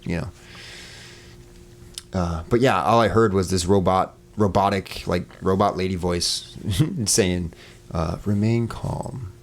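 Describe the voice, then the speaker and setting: A man's voice: deep voice, slow. A man who is a podcast guest, telling a story in casual talk, loose and full of fillers, sometimes acting out the voices he quotes. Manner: relaxed, many fillers, acts out quoted voices.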